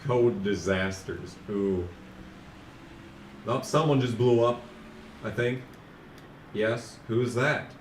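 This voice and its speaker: A man streaming a racing game, chatting casually and ranting sarcastically, sometimes mocking a fast auctioneer. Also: mid-range voice, echoey room, recorded from a distance, slight background noise. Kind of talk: casual live-stream commentary.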